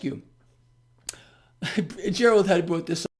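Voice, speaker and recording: A man's voice: high-pitched, lively intonation, measured pace. Sarcastic ranting male market commentator. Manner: sarcastic, mocking, blunt and emphatic. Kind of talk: ranting solo video commentary.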